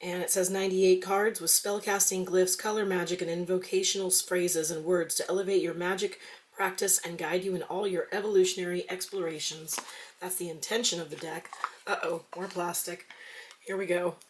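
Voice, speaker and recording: A woman tarot reader casually flipping through a deck, softly murmuring each card's name in turn. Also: lowish voice, flat delivery, moderate pace, slight background noise. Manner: soft-spoken, murmurs card names quietly one by one. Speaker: tarot reader reviewing decks.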